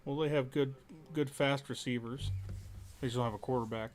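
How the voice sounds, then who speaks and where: A man co-hosts a relaxed football talk show. He hedges his picks, trails off and restarts as he thinks out loud, with an easy conversational delivery. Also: medium pitch, a little fast. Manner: hedging, thinks aloud with restarts. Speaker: co-host. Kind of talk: casual sports chat.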